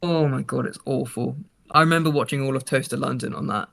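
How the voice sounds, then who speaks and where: A man co-hosting a casual livestream while drawing, relaxed and self-assured. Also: medium pitch, a little fast, vocal fry. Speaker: co-host, artist.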